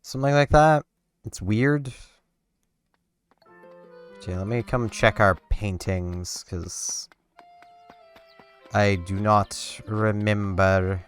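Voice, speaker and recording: A man's voice: lowish voice, slow, pauses often, faint music behind. A man giving casual let's-play commentary, rambling and talking to himself and to the game as he plays. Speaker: gameplay commentator.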